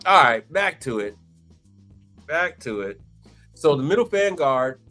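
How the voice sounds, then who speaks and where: A man hosting a live stream on commercial appliance repair, reading through inspection reports with excitable, theatrical exclamations. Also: fairly high pitch, normal speed, pauses often, faint music behind.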